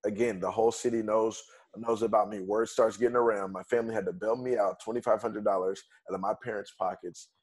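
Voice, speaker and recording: Low-voiced man telling a personal story. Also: steady tone. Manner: conversational, retells events in quick steps with "bam" and "fast forward". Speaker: podcast guest.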